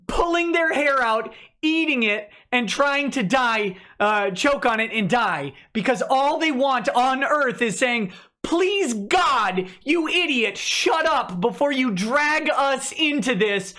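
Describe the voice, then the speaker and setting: Sarcastic male livestream host, animated, mocking asides between chat questions. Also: very high voice. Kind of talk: casual livestream commentary.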